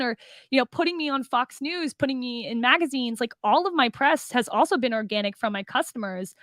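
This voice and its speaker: Excitable young woman, dry sound. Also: on the high side, a little fast, no room sound. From Arizona. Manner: enthusiastic, acts out dialogue, fillers like "like" and "oh my God". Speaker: guest, food business owner. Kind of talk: animated storytelling interview.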